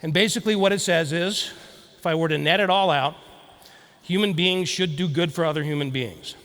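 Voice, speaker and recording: A man's voice: fairly high pitch, a little fast, fairly bright tone. A man giving a motivational keynote speech, telling a story and speaking directly to the audience. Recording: long hall reverb.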